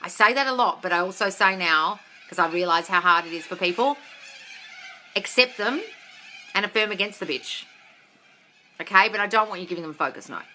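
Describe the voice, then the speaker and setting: A woman hosting a live question-and-answer stream. She reads viewers' comments and answers them bluntly, with constant swearing, often calling them "darling" and sometimes breaking into loud, scolding rants. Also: medium pitch, fairly quick, pauses often, a little hiss or hum. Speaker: host of a live manifesting Q&A. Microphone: livestream phone or webcam mic.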